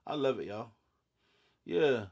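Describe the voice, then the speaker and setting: A man's voice: medium pitch, animated, slow pace, creaky, a little mellow, slightly rough. A young man hosting a casual livestream, greeting viewers by name in a laid-back, sleepy way and often saying "you know what I'm saying.". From eastern North Carolina. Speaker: livestream host.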